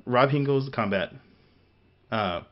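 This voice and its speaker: A man's voice: medium pitch, moderate pace, dull audio, a crowd in the background. A man from Missouri co-hosting a casual gaming chat show, rambling with many restarts, fillers and laughs. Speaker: podcast co-host.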